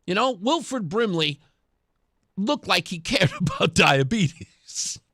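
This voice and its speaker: A man's voice: high-pitched, very animated, takes it slowly, sharp tone, dry recording, studio quality. A man hosting a talk radio show, giving sarcastic political commentary and laughing often. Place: radio studio.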